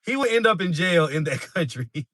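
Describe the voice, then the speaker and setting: Brief: easygoing male host chatting live with viewers, bright tone, dry close sound, laughs easily. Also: fairly high pitch, animated, a little fast, dry recording. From New York. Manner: laid-back, laughs often, talks straight to the chat. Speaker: street interview channel host. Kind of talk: casual livestream chat with viewers.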